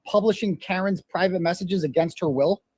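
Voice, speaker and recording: A man's voice: high voice, moderate pace, darkish tone, breathy edge, dry recording. Sarcastic man in a played clip. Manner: sarcastic, mocking. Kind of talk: clip from an online argument.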